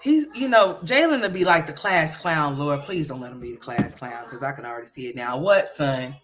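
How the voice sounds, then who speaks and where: A woman hosting a laid-back livestream, her voice pitched fairly low yet bright and forceful. She chats loosely with her viewers and breaks off to talk to her child. The delivery is informal and conversational. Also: fairly quick. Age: adult parent. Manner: chatty, talks to viewers and her son by turns. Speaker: livestream host. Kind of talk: casual livestream chat.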